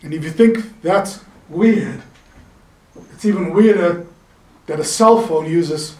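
A man preaching a sermon in a chapel, animated and playful, calling on the congregation to answer him. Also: a little high, takes it slowly. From South Africa. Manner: animated, playful, calls for audience response. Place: chapel in the mountains. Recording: echoey chapel, voice from a distance.

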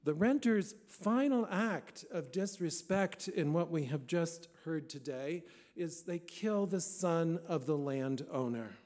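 A man's voice: fairly high pitch, a little mellow. Playful older male priest preaching. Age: 60s. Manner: folksy, playful preaching with sudden emphatic swells. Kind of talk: sermon. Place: church.

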